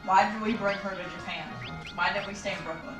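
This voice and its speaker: A woman's voice: medium pitch, fairly even intonation, quick pace. A woman joining in casual stream chat with teasing, joking banter. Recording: roomy, distant mic with loud music behind. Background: game music.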